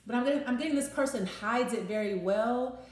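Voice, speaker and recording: A woman's voice: fairly high pitch, a little fast, a little mellow, roomy sound. A woman giving a casual tarot reading, talking freely, swearing and restarting her phrases. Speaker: tarot reader.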